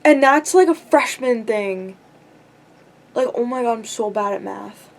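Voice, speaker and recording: A teenage girl talks straight into her camera in a loose, rambling vlog rant. Her voice sits a little high for a woman. She sounds frustrated and self-deprecating, swears freely and keeps saying "like". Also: measured pace, vocal fry. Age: teens. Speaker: vlogger.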